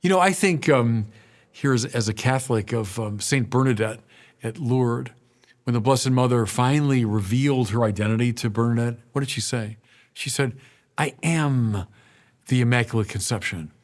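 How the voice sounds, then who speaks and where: A man's voice: mid-range voice, normal speed. A middle-aged man, a priest, preaching a sermon in a conversational way, with rhetorical questions to the congregation and frequent repeated words.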